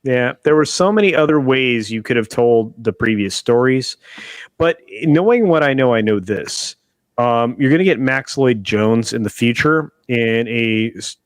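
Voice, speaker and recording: A man's voice: medium pitch, no room sound. A man hosting a casual livestream chat over a video call, talking emphatically with restarts and insistent asides. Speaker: show host. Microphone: video call webcam.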